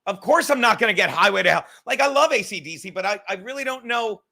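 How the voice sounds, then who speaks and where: A man hosting a livestream podcast in a high, bright voice. He rambles and jokes with his viewers, swearing freely as he goes. The talk is loose and casual at a desk mic. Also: lively intonation, fast, vocal fry. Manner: rambling, profane, joking with the chat.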